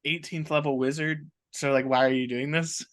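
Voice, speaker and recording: Man, skeptical, dry delivery, slightly high voice, casual gaming podcast. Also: fairly even intonation, moderate pace. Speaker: co-host.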